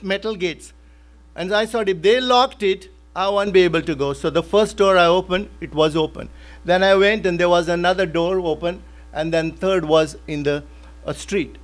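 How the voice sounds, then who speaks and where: High-voiced man preaching a sermon. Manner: emphatic, repeats key phrases. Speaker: pastor.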